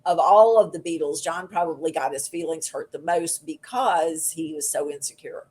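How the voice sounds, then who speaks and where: A guest author on a casual podcast, this woman tells stories expressively in a low, husky voice at a moderate pace, acting out the quotes she relays.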